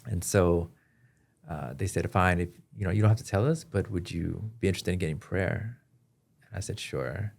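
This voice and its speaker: A man as a podcast guest, telling his personal story in an earnest, halting way with frequent restarts. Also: low voice, gravelly, a little mellow. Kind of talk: personal testimony in an interview.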